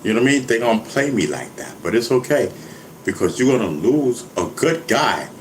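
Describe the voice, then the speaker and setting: A man's voice: mid-range voice, sing-song, a little fast. A man talks in a loose, joking ramble, laughing often and checking in with his listener after nearly every sentence. His voice sits in an ordinary middle range for a man. The room rings with echo, and a faint background hum runs underneath. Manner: laid-back, laughing, keeps saying "you know what I mean". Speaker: rapper and vlogger. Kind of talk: casual rambling monologue.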